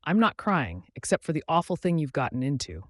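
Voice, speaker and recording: A woman's voice: deep voice, sing-song, brisk, dry recording, clean studio sound. A man voicing a reproachful, sobbing Scottish woman friend in an audiobook.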